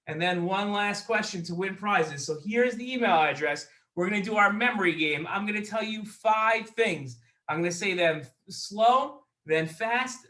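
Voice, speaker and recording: High, slow man running a kids' quiz. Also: pushed and bright. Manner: slow, deliberate, talks straight to young viewers. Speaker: kids' show host. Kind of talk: children's show quiz presenting. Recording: roomy echo.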